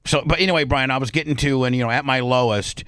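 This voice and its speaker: A man's voice: medium pitch, quick pace, a bit bright, dry recording. A male radio host telling a story in a brash, profane way, acting out both sides of an argument. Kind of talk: casual storytelling on talk radio.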